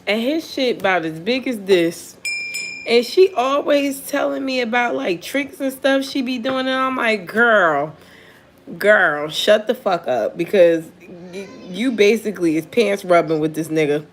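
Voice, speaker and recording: A woman's voice: a little high, moderate pace, slight background noise. A woman who reads tarot, telling a story in casual chat with blunt, profane talk and frequent laughter. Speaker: tarot reader.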